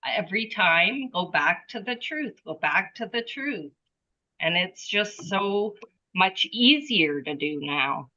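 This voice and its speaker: A woman telling a personal story in a group discussion over a video call, animated and acting out her own thoughts. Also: medium pitch, slow, dull audio. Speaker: group participant. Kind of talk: casual spiritual sharing.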